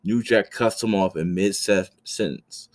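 A man's voice: sits low, a little slow. A man in his thirties hosting a podcast, telling a story casually with blunt, profane, rambling talk full of restarts. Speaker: podcast host.

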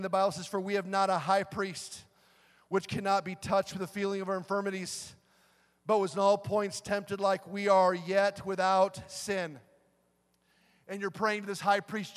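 A man preaching a sermon, swinging between shouted passages and soft, quiet talk, recorded live in a large church. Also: high voice. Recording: live church sound with long reverb and music behind.

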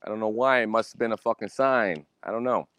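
A man's voice: fast, fairly bright tone, clean tone, dry recording. A man hosting a solo podcast, ranting angrily and boastfully with constant cursing and repeating himself. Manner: mimics others in a high voice. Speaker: podcast host. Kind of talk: profane solo podcast rant.

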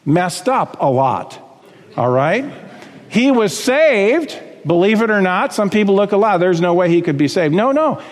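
Male preacher, high-pitched and emphatic, voice swinging up and down, reverberant sanctuary sound. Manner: emphatic, rises high on key words then drops low. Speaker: pastor. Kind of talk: sermon.

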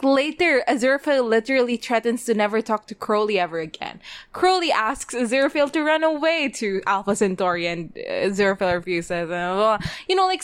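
A woman's voice: on the high side, clean tone. A woman co-hosting a podcast, animatedly retelling a TV episode in casual chat, acting out quotes and laughing along the way. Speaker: podcast co-host.

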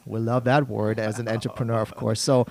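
A man's voice: mid-range voice, flat delivery, fairly quick, gravelly. A man with a German accent hosting a radio talk show in a studio, chatting with guests in a friendly, upbeat way. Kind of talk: casual radio chat.

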